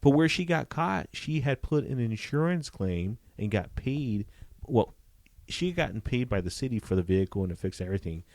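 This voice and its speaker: A man, a former police detective, telling profane, animated stories from his career in a casual interview. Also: medium pitch, moderate pace, no room sound. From Southern California. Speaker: retired police detective, guest.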